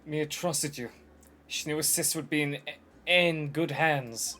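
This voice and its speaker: A man's voice: a little high, steady tone, a little slow, pushed and bright, slight background noise. A man as Phoenix Wright, stammering. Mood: pleading. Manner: hesitant, stammering. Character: earnest young male defense lawyer, flustered.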